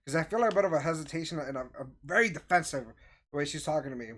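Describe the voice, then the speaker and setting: Animated man telling a story. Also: a little high, racing. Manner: animated, acts out quoted voices. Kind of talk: casual storytelling.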